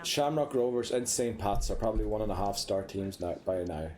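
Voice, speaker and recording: A man's voice: fairly low pitch, brisk, a little mellow, a little hiss or hum. A man streaming a football game, talking casually at a desk microphone, ranting and swearing freely, then apologising. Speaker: gaming streamer. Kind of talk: casual gameplay commentary. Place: seated at a computer desk, indoors. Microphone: desk microphone, sometimes leaning back from it.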